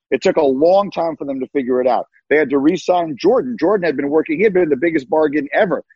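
A man with a husky, slightly raised voice tells stories as a podcast guest. He is emphatic and often repeats his first words. His voice comes through a dry, dull, lo-fi remote line. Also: fairly high pitch, darkish tone, no echo. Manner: emphatic, repeats words when starting sentences. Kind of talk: animated storytelling.

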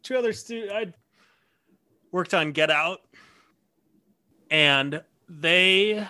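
A man's voice: sits high, very slow. A man who teaches college, telling classroom stories in casual chat, laughing often and acting out his reactions. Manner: animated storytelling, laughs often, restarts. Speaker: podcast co-host, college teacher.

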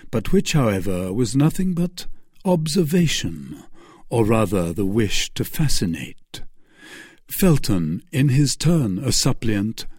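Slow, husky male audiobook narrator. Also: mid-range voice, no room sound, studio quality. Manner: measured, expressive literary reading. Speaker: audiobook reader. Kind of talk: classic novel audiobook narration.

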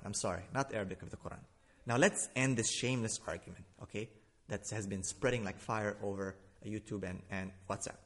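A man giving an argumentative religious lecture, sarcastic and emphatic, hammering his points home with repetition. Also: slightly rough. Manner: sarcastic and emphatic, repeating points with rising pitch. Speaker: Islamic lecturer.

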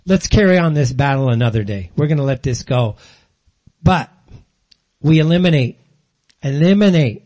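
High-voiced older man ranting. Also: darkish tone. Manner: angry ranting, sarcastic, blunt. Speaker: show host. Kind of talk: monologue commentary.

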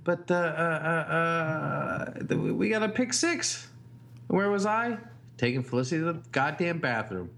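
A man in his thirties chats on a comedy podcast with a fairly high voice that rises and dips all over. He tells profane, animated anecdotes. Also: measured pace, vocal fry. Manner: profane, animated storytelling, mimics his daughter. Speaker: podcast co-host. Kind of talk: casual comedic chat.

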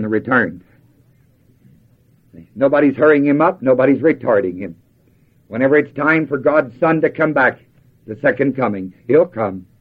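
A man's voice: medium pitch, breathy edge. An older man preaching a sermon in a folksy way, asking the audience questions and answering them himself. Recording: dull lo-fi old tape.

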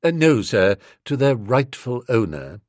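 A man voicing an unflappable male valet who speaks quietly, slowly and formally. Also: medium pitch, very animated, dry recording, studio quality. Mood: composed. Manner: quiet, measured, slow and formal.

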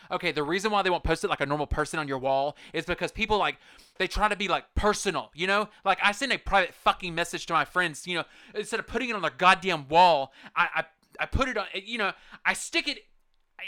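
A man's voice: sits high, fast talker, bright, forceful tone, dry recording. A man hosting a podcast, ranting in a casual, profane, rambling and emphatic way into a close microphone. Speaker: podcast host. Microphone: close podcast mic.

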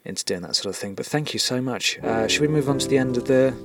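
A man's voice: medium pitch, quick pace, over loud music. A man from the UK co-hosting a podcast in loose, joking, rambling casual chat. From United Kingdom. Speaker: podcast co-host.

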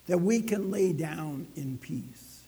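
A man preaching a sermon, telling a story with dramatic swings between loud and soft. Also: fairly high pitch, animated, slow pace, husky, in a large hall. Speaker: pastor.

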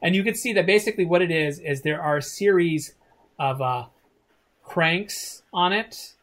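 Game master, tabletop narration, halting, searching for words. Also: medium pitch, a bit bright. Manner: hesitant, many fillers and restarts.

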